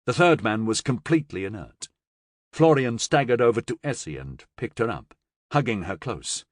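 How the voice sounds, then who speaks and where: A man narrating a science fiction audiobook with expressive, dramatic storytelling on a close mic. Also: medium pitch, moderate pace, dry recording. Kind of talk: scripted narration.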